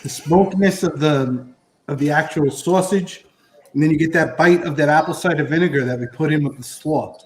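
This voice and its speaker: Guesting on a live stream as a food correspondent, a man from Florida describes dishes as he eats, his filler-heavy, rambling talk full of ums and uhs. He speaks briskly in a slightly high voice over a rough recording.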